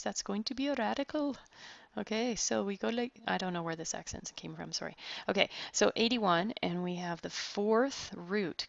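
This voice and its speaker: A woman's voice: lowish voice, gravelly, no room sound. A woman math tutor talking students through problems step by step, encouraging them as she goes. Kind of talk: online math lesson. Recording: dull, dry close recording.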